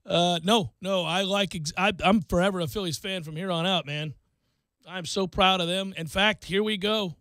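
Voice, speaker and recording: A man hosting sports talk radio, chatting casually and excitedly, rattling off baseball stats and joking around. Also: high-pitched, moderate pace, no echo.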